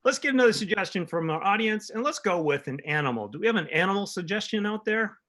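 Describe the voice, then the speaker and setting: Bright high-voiced man hosting improv. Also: lively intonation, fast talker. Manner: upbeat, explains game rules. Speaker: improv show host. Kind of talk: hosting a live improv show. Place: home. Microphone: video call.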